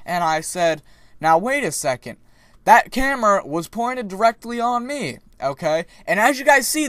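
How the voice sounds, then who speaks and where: A young man vlogging casually, retelling a story in a rambling, animated way with many restarts. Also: sits high, no room sound.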